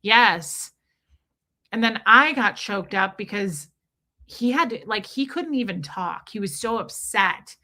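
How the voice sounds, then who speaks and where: Middle-aged woman, livestream host, bright tone, chatty and heartfelt, breaks off to greet viewers. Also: mid-range voice, lively intonation, slow pace. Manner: chatty and emotional, greets viewers by name mid-story. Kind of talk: casual livestream chat.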